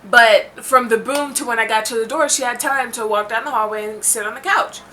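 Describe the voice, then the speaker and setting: A woman's voice: on the high side, fairly quick, a little hiss or hum. A young woman vlogger telling a spooky story, acting out the lines and saying "like" a lot. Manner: animated, acts out dialogue, says "like" a lot. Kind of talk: storytime vlog.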